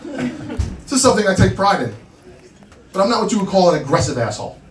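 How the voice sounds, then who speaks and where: A man's voice: high-pitched, big pitch swings, brisk, faint music behind. A man in his thirties from Long Island doing a stand-up set in a small comedy club, telling brash, self-deprecating stories. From Long Island, New York. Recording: roomy club sound from a distance, loud crowd.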